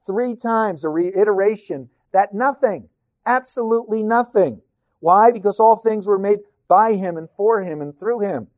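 A man teaching on a Bible passage in a measured, emphatic way, often repeating phrases for stress. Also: high voice, dry recording.

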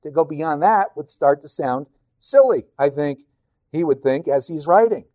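Man, Bible teaching, measured and emphatic, mellow voice, dry close sound. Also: a little high, expressive, dry recording. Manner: measured, emphatic, repeats phrases for stress.

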